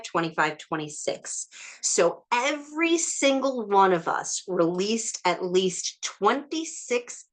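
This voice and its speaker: Soft-spoken woman leading a healing session. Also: fairly low pitch. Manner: soft, prayerful, slow invocations with warm laughter; counts slowly through numbers. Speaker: spiritual healing session leader. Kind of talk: guided group healing session.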